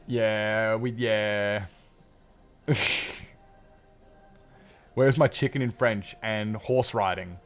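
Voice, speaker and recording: A man chatting casually on a live game stream, rambling and joking, with sudden high, excited greetings. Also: very slow, long pauses, soft background music.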